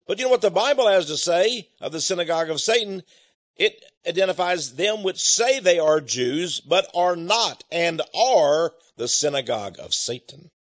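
A man's voice: sits high, animated, normal speed. A man from Texas delivering a preachy monologue as an author promoting his book, chuckling often and repeating words as he goes.

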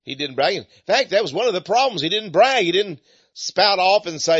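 A man's voice: sits high, animated, brisk, a bit bright, no echo. An older man with an East Texas accent, preaching in a folksy sermon style and often repeating his words. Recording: slightly dull lo-fi recording.

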